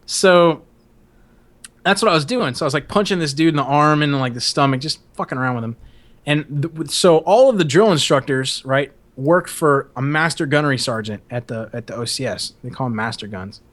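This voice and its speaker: A young man spins a long story to his co-host on a casual podcast. His voice sits a bit high for a man, and his talk is loose, rambling and full of swearing and laughs. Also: brisk, a bit bright. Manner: profane, rambling, laughs often.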